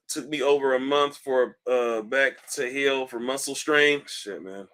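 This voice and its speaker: A man hosting a casual livestream, reading comments aloud in a loose, profane, animated way while in back pain. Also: medium pitch, unhurried, few pauses, clear, resonant tone. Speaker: livestream host. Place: indoors at home, seated.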